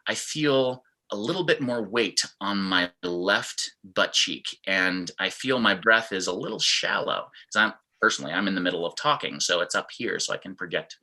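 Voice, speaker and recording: Man, fitness instructor, online class, lowish voice, forceful, demonstrative. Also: poor audio. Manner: demonstrative, acts out tones of voice.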